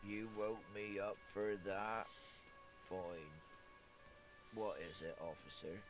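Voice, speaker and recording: A man's voice: lowish voice, takes it slowly, poor audio. A man in his thirties voicing a sleepy, grudging dock worker on strike in a video game. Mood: grumpy. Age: 30s. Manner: drowsy, grudging, matter-of-fact. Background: game music.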